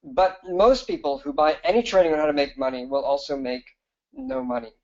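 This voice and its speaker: Hosting a live webinar, a business coach speaks in a fairly high voice that is animated yet a little mellow. He pitches quickly and eagerly, stumbling through fillers and restarts, all over dull, lo-fi audio.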